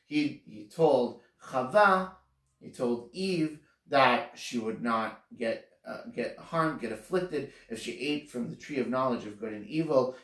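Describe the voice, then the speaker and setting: Guy giving a sermon, earnest, explains stuff slowly, punches certain words, kinda far from the mic in an echoey room. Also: fairly high pitch. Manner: earnest, explanatory, frequent restarts, stresses single words. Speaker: Torah teacher. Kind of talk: sermon on the weekly portion.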